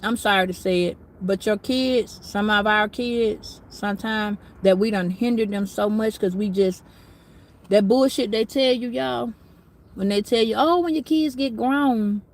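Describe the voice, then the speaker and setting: A woman's voice: mid-range voice, steady tone, measured pace. A middle-aged woman giving a casual astrology reading, talking bluntly, preachily and with plenty of swearing. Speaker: tarot reader.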